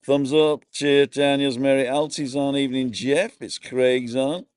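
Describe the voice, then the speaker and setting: A man's voice: medium pitch, steady tone, measured pace, darkish tone, smooth, no echo. A middle-aged man casually chatting on a live stream from a bar, greeting viewers by name and wearing earphones.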